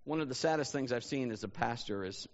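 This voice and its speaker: A man's voice: medium pitch, brisk, big-room sound. Man pastor telling a story, dull sound. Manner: conversational, personal anecdotes, frequent "you know". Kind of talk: sermon storytelling.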